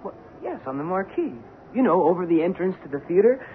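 A flustered theater agent stammers his way through a 1970s radio play, his voice rising and falling a lot. His slightly high voice comes through tinny and phone-like, with a faint hiss. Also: sing-song, brisk. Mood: pleading. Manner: nervous and stammering. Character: flustered male theater press agent, also narrating. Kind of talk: 1970s radio drama acting.

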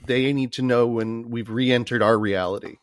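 A man's voice: mid-range voice, fairly even intonation, normal speed, dry recording. A man with a Canadian accent co-hosting a comedy podcast, talking in a playful, eager way. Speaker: podcast co-host.

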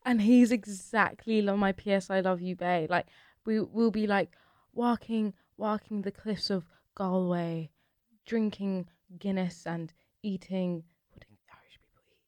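A young woman from England rambling and giggling with her co-host on a podcast, swearing casually. Her pitch is mid-range, and the sound is dry and close. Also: fairly even intonation, unhurried, darkish tone, no echo. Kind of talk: casual chat.

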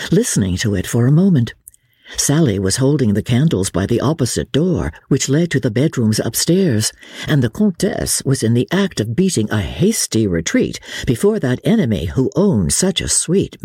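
A woman narrating an audiobook with lively, expressive storytelling. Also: a bass voice, slightly rough, dry recording, clean studio sound. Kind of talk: scripted narration.

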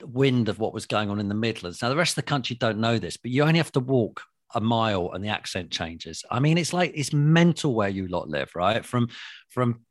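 A middle-aged man with a London accent, a guest telling TV stories in a lively way, laughing and swearing freely. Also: mid-range voice, fairly quick, dry recording, clean studio sound. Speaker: guest, former TV presenter. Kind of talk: casual reminiscing chat.

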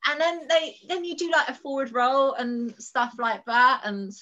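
A woman from the UK, a mother and podcast guest, telling a story in an animated, laughing way. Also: high-pitched, unhurried, dull audio. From United Kingdom. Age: adult with school-age children. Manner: animated, laughs often, breaks into squeals. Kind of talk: casual storytelling chat.

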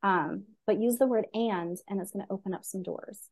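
A middle-aged woman coach, a podcast guest, telling stories in an earnest, animated way. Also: medium pitch, moderate pace, vocal fry, breathy edge. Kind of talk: conversational interview.

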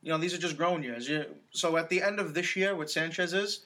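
A man's voice: a little high, quick pace, bright, forceful tone. A man co-hosting a casual sports podcast, giving opinions in a rambling way with many fillers. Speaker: podcast co-host.

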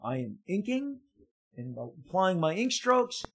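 A man with a fairly high, husky voice spins a casual story for his viewers. He talks excitably, tripping over restarts and repeated words. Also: takes it slowly, poor audio. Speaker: comic book artist telling an anecdote.

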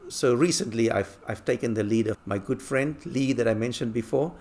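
A man from England who lives abroad, telling relaxed, chuckling anecdotes in a casual monologue. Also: medium pitch, a little fast. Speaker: expat talking about life abroad.

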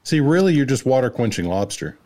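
A man, telling stories as a guest in casual chat, animated and laughing. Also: mid-range voice, fairly quick. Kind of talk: casual storytelling.

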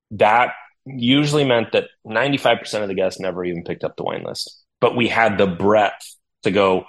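A middle-aged man, a sommelier and restaurant owner, talking in a casual interview as a lively storyteller who acts out dialogue and swears freely. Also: lowish voice, normal speed, low-quality recording.

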